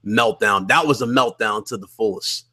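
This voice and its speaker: A man's voice: fairly low pitch, moderate pace, bright, forceful tone, breathy edge. A man in a casual gaming chat, sarcastic and mocking, repeating his jokes for effect.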